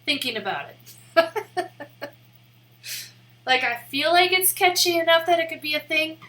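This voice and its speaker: Bright, giggly young woman rambling. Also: extremely high pitch, expressive, a little slow. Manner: rambling and giggly, heavy use of "like". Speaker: live streamer and photographer. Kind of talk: casual chat on a live stream.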